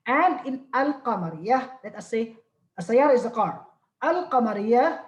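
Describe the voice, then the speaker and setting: A woman teaching an online language lesson. She explains slowly and repeats each word so it can be drilled. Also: fairly high pitch, roomy sound. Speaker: Arabic teacher.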